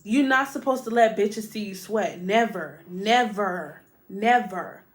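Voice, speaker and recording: A woman's voice: mid-range voice, takes it slowly. Profane, chatty woman podcast host. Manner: profane, animated, addresses listeners as y'all. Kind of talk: casual reality-TV recap.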